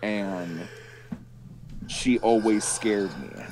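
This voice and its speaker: A man's voice: on the low side, extremely slow, background noise. A man co-hosting a casual chat show over a video call. He tells stories with swearing and mimics the people he is talking about. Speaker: podcast co-host.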